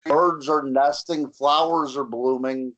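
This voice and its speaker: A man's voice: medium pitch, fairly even intonation, slow, fairly bright tone, rough recording. A man guesting on a radio show over a video call, joking and self-deprecating. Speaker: guest researcher. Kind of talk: casual interview chat.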